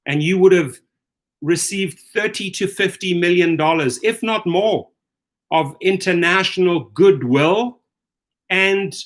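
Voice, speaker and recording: A man's voice: high-pitched, fairly bright tone. A middle-aged man hosting rideshare commentary, ranting angrily with profanity and repeated rhetorical questions.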